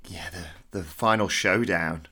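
Man, tabletop player, low voice with a bright edge, cheeky, faint background noise. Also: measured pace, breathy edge. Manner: cheeky, joking. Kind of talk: casual chat at a game table.

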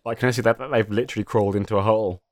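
A man's voice: fairly low pitch, steady tone, racing, dry recording. A man playing a tabletop role-playing game, thinking aloud about what his character would do. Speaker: player. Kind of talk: tabletop role-play chat.

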